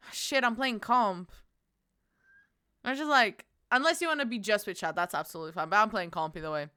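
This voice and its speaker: A woman's voice: mid-range voice, brisk, bright, forceful tone, clean tone, no echo, clean studio sound. A young woman streamer chatting casually with her viewers, giggly and bubbly, with squealing greetings and playful cursing. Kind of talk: casual livestream chat with viewers.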